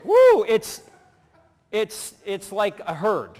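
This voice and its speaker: A middle-aged man giving a humorous teaching talk, telling animated stories, acting out voices and laughing as he goes. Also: high voice, moderate pace. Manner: animated storyteller who acts out voices and laughs. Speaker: speaker. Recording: long hall reverb.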